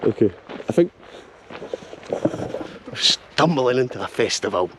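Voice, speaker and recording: A Scottish man hosting a casual travel vlog outdoors, narrating excitedly and joking as he walks around a festival campsite. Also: medium pitch, slow pace. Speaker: vlogger host. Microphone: handheld camera. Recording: outdoor camera audio with steady noise.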